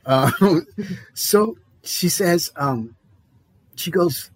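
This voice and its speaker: A man's voice: mid-range voice, animated, slow, husky. A man on a podcast telling a rambling, self-deprecating story in casual chat, laughing often.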